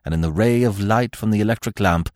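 A man narrating a classic adventure story in a theatrical, highly expressive reading. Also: fast talker, no room sound, studio quality. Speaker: podcast narrator. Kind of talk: dramatic audiobook narration.

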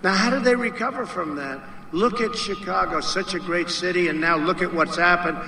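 A man gives a rally speech and circles back to his points again and again with emphatic asides. His voice is high and bright. It echoes through a big room and is picked up from a distance. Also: normal speed, gravelly, a little hiss or hum. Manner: rambling, repetitive, with emphatic asides. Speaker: political speaker. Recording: roomy, heard from a distance.

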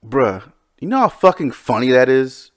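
A man's voice: medium pitch, very animated, moderate pace. A man reacting in casual podcast chat, laughing a lot and swearing freely.

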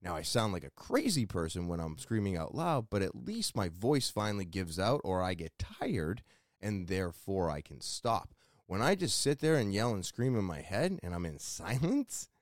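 Deep-voiced man, candid self-critical monologue. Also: no echo, clean studio sound. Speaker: podcast host. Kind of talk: solo podcast monologue.

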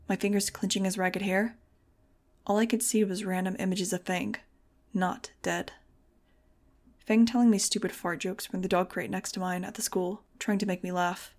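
A woman reading a first-person audiobook in a measured, dramatic way. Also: medium pitch, darkish tone. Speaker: audiobook narrator. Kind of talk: scripted first-person narration.

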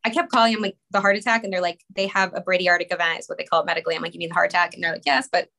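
A woman in her thirties, a guest on a talk show, telling an emotional personal story in a rushed, rambling way full of "like". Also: lowish voice, level tone, gravelly, pushed and bright. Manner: rushed, rambling, many "like" fillers. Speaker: podcast guest, mother.

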